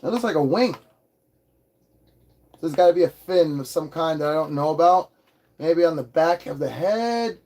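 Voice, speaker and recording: A man hosting a casual livestream toy review, hyper and excitable, swearing freely as he talks. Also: fairly high pitch, normal speed, long pauses.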